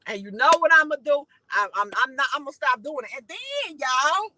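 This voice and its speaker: A woman from Chicago with a Chicago accent, the host of a commentary channel, talking to her viewers with emphatic, heated delivery that climbs to shouting when she is indignant. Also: high voice, big pitch swings, normal speed, slight background noise, low-quality recording.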